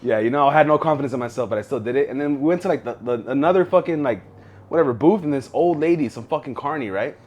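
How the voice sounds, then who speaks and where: A man in his thirties, co-host of a podcast, telling a story in casual, animated, profane chat. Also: medium pitch, fast. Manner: animated, profane, acts out quoted voices.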